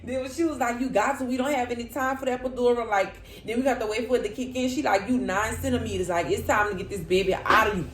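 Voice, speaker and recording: A young woman, telling a dramatic storytime vlog in an animated, expressive way. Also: fairly high pitch, a little fast. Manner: animated, dramatic, swings to loud cries when reliving. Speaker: vlogger. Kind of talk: casual storytime. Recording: echoey room with faint hum.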